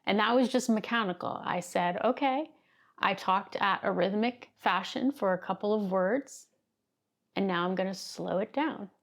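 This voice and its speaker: A woman sitting indoors films herself coaching video creators in a casual chat to camera. Her voice is medium-pitched and gravelly at a normal speed, and she laughs easily and gestures as she talks.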